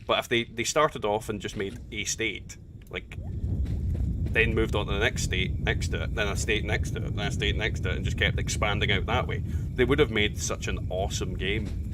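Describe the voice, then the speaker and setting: A man's voice: on the low side, fairly even intonation, moderate pace. A man chatting casually and bluntly while streaming a game, reading out viewer messages, with some swearing. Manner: chatty, blunt and profane, reading chat aloud. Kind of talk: casual live-stream chat while gaming. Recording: distant mic with loud game noise.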